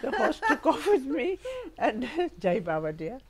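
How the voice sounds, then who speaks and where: A woman's voice: high-pitched, a little slow, very noisy. Older woman telling funny stories. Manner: laughs often, lively storytelling. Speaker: storyteller recalling her life. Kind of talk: humorous storytelling. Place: home.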